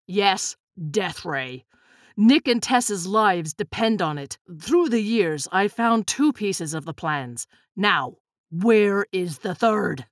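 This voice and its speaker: A cold, scheming man of a storybook villain, put on by a woman reader, slow and menacing with a sneer. His voice sits lower than hers and each threat is drawn out deliberately. The sound is close and dry. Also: expressive, dry recording.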